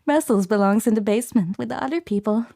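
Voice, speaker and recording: Bubbly high-voiced woman streamer. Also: quick pace, gravelly, dark tone, no room sound, studio quality. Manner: bubbly, giggly, repeats greetings playfully. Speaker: livestreamer. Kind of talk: casual livestream chat with viewers. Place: at home.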